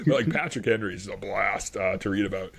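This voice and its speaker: A man with a low, husky voice talking through history on a casual podcast. He rambles with plenty of fillers and a lot of enthusiasm for his subject. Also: fast. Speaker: podcast host.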